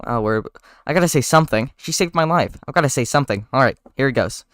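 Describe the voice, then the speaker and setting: A man's voice: mid-range voice, expressive, fast, fairly bright tone, clear, resonant tone, dry recording, studio quality, natural voice. A man voicing a nervous, polite young male bee in a live script reading, stammering and flustered.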